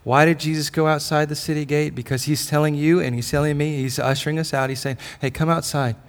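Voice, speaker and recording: A man's voice: a little high, fairly even intonation, quick pace. Emphatic male preacher. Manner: emphatic, swinging between loud declarations and soft intimate lines. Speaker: pastor. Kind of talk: sermon.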